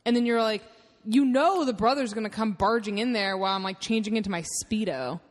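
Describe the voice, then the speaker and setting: A woman's voice: medium pitch, brisk, long reverb tail. A woman co-hosting a podcast in casual chat, dryly correcting and teasing her co-host.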